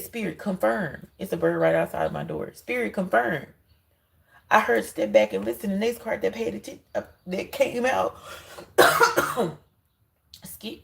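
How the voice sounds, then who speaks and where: Gravelly-voiced woman giving a card reading. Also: medium pitch, a little hiss or hum, poor audio. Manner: emphatic, repetitive, talks straight to viewers. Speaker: intuitive card reader. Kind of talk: spiritual card reading monologue.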